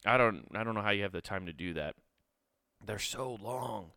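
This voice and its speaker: Pushed, bright and rapid-fire, a man's smooth voice fills his solo podcast with profane rants, occasionally shifting into a high, sneering tone to mock others. Clean studio sound, no room sound.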